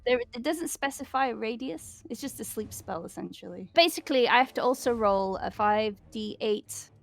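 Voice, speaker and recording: A woman's voice: on the high side, moderate pace, creaky. A woman playing a tabletop game over a call, chatty as she explains the rules of her turn. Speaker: player. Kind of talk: casual tabletop play.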